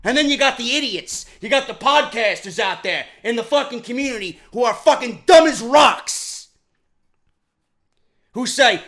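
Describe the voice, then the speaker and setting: A man from New York giving a heated, profane review of a wrestling show, firing off repeated questions and often shouting. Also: very high-pitched, animated, normal speed.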